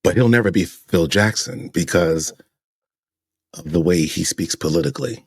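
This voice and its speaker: Low husky man hosting a podcast. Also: normal speed, no echo, studio quality. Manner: emphatic, rhetorical questions. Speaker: podcast host. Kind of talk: opinion commentary monologue.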